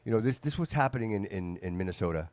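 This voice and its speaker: A male podcast host in casual political conversation, his pitch swinging widely as he talks. He is emphatic and chatty, with a dry, close sound. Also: fast talker, no room sound. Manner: animated, emphatic, says "dude" often.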